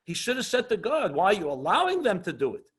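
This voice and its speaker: A man teaching an online class as a rabbi, earnest and passionate, often slowing down for emphasis and mixing Hebrew and Yiddish terms into English. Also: high voice, huge pitch swings, a bit bright, breathy edge. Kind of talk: lecture with questions and answers.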